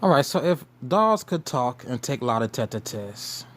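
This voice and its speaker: A man's voice: mid-range voice, big pitch swings, normal speed. A man hosting a show, giving casual commentary in a rambling, musing way and repeating himself. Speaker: show host.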